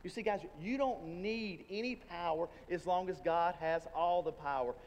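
A man's voice: high-pitched, moderate pace, dull audio. A man preaching a sermon as pastor, earnest and conversational, acting out the prayers of tired people. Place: church sanctuary. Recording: long hall reverb, faint room noise.

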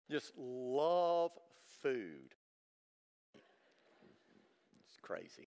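A middle-aged man preaching a sermon to his congregation, swinging from loud emphatic lines to hushed, almost whispered ones. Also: mid-range voice, sing-song, slow, few pauses, long reverb tail. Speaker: pastor. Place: church service.

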